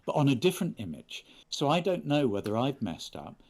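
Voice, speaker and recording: Lively, playful English man chatting. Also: mid-range voice, brisk. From England. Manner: chatty, playful, mutters while writing. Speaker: actor signing prints for fans. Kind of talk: casual live-stream chat.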